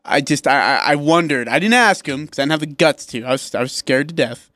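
A male sports radio co-host with a fairly high voice, chatty and quick to laugh. The studio sound is dry and close, with no room echo. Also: expressive, fairly bright tone. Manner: joking, laughs easily.

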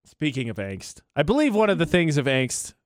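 A man co-hosts a casual radio show, reading its promos and trading morning-show banter in a dry, self-mocking, low-key way. He sounds very animated at a moderate pace, and the recording is dry.

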